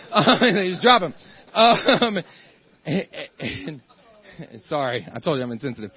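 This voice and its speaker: A man preaching a sermon as a guest speaker. He is animated, acts out the figures in his story and gets loud and fired up at the high points. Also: dull audio.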